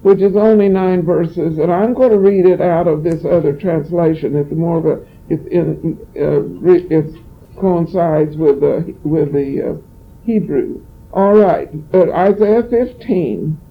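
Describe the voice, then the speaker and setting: Slow halting preacher on tinny audio. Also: male voice, fairly high pitch, vocal fry. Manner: slow, halting, explains word meanings between verses. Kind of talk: Bible study sermon reading scripture aloud. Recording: tinny phone-like recording.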